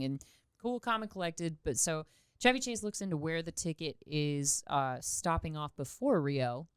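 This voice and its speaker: Woman podcast co-host, casual and jokey, smooth tone, dry close sound. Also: low-pitched, normal speed, no echo. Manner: chatty, joking, laughs often. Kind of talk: casual chat.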